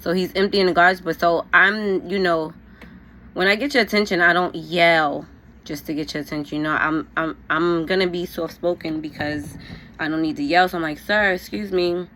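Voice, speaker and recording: A woman's voice: fairly low pitch, steady tone, moderate pace, fairly bright tone, slight background noise. A young woman, telling a storytime vlog while getting ready, casual and frank, full of "like" and "you know". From New York. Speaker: vlogger.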